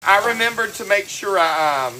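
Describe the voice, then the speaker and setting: A woman's voice: medium pitch, lively intonation, normal speed, sharp tone, a little hiss or hum, poor audio. A woman hosting a cooking livestream, greeting viewers by name in a chatty, affectionate way. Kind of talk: casual live-stream chat. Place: home kitchen.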